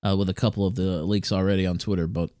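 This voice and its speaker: A man's voice: deep voice, little pitch movement, fast talker, dark tone, dry recording, clean studio sound. A man hosting a livestream, talking casually, reading chat messages aloud and often breaking into chuckles. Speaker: livestream host.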